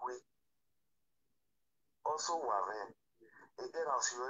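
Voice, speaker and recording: Guy on a phone call, low husky voice, super bright edge, rambles and repeats himself, tinny line. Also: normal speed. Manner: rambling, repeats words and restarts. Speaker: iPad owner on a phone call. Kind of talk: casual phone conversation.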